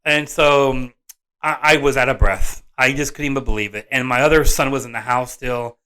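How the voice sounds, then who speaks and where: A man, a father and vlog host, telling a personal story in an animated, rambling way, often restarting and correcting himself. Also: mid-range voice, normal speed, clean tone. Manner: excitable, rambling, frequent restarts and self-corrections.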